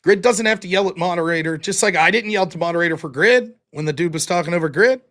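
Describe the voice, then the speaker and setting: A man hosting a livestream, reading out viewer donations with quick, offhand thanks and blunt replies with occasional swearing. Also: high-pitched, fairly bright tone. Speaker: livestream host.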